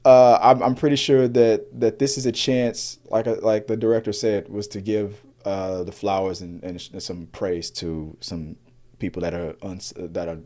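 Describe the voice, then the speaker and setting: Guy in his 40s rambling about a movie on a podcast, dark mellow voice, lots of ums and restarts. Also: on the low side, level tone, moderate pace. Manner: rambling, many restarts and fillers. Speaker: podcast co-host. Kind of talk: casual movie review chat.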